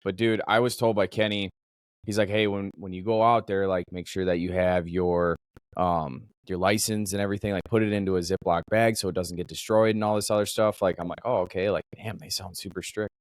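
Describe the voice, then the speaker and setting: A man from Minnesota, a podcast host, telling a story in casual chat with animated swearing. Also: sits low, a little fast, no room sound.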